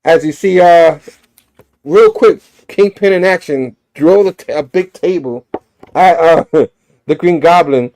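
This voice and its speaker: A man's voice: on the high side, unhurried, darkish tone. A man reviewing a comic, retelling its story animatedly with sound effects and frequent laughs.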